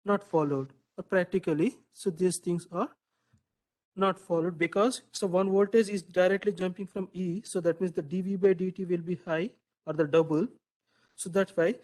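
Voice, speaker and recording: A man's voice: sits high, a little mellow. A man teaching a classroom lecture, quizzing students, repeating their answers and asking "right?" again and again.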